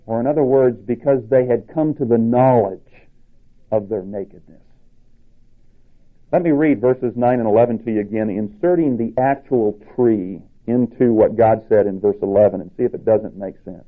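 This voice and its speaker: A man preaching a sermon with emphatic delivery, rising in pitch to stress his points. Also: normal speed. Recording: tinny phone-like sound.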